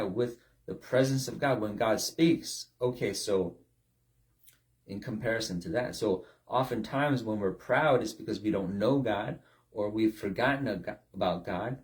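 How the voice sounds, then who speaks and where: A man preaching a sermon at a middling pitch. He drives his points home with repetition and rhetorical questions, in an emphatic preaching delivery. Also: a little mellow.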